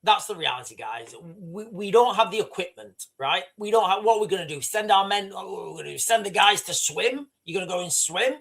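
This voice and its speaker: A man's voice: high voice, expressive, fairly quick, creaky, hardly any pauses, a bit bright. A British man hosting a casual livestream, talking emphatically and repetitively while addressing his viewers directly. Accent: British English. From Britain. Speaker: livestream host.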